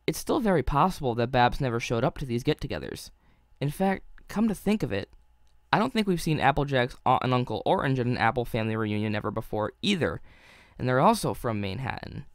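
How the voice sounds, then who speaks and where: A man's voice: mid-range voice, dry recording, clean studio sound. A young man narrating a scripted video review in an analytical way, with wry asides.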